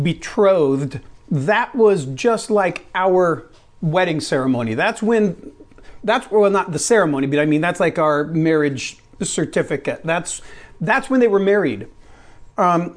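High-voiced man explaining church teaching. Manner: rambling, self-correcting, chuckles. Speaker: church teacher answering questions. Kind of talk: casual explanatory chat.

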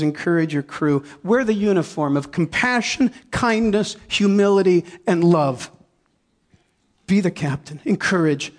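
A man preaching a sermon, telling a story with lively acted-out inner dialogue and frequent laughter, then leading a prayer. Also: a little high. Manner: animated, acts out inner dialogue, laughs often. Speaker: pastor.

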